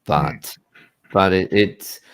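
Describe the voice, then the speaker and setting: Casting note: deeper-voiced guy in middle age, loose and talkative, speaking over a video call. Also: drawn-out words, a bit bright, clear, resonant tone. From Australia. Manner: chatty, rambling with restarts, laughs easily. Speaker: guest, coach. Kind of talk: casual chat on a live stream.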